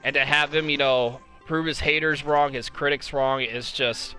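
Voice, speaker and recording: A man's voice: mid-range voice, steady tone, moderate pace, pushed and bright, faint music behind. A young man from California hosting a casual live-stream podcast, rambling enthusiastically with lots of fillers and restarts. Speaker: podcast host.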